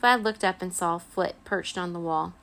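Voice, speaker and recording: A woman reading a children's chapter book aloud as a bedtime story, in a gentle, expressive way. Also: fairly low pitch, moderate pace, gravelly.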